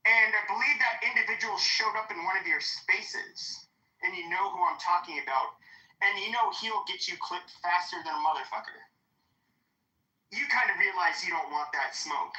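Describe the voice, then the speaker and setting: A woman with a bright, forceful voice rants and taunts in a heated online chat room. She is combative and swears freely. The recording has a roomy, echoing sound. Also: mid-range voice. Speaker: host. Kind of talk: heated social audio room rant.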